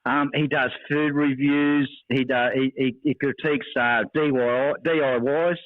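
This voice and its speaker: A man's voice: medium pitch, little pitch movement, moderate pace, dry recording. An Australian man hosting a podcast, rambling with lots of fillers and casual swearing. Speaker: podcast host. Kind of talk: casual chat. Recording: dry, tinny phone-like sound.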